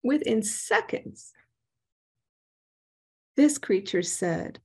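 Woman storyteller, slow pace, lively pitch, slightly husky. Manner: expressive, lively delivery. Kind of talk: storytelling narration.

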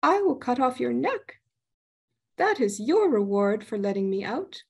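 A woman's voice: on the high side, sing-song, a little slow, creaky, slightly rough, pitched above the performer's own voice, heavily acted. A woman voicing a huge, boastful male spirit who threatens a young man, in a storytelling reading. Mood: threatening.

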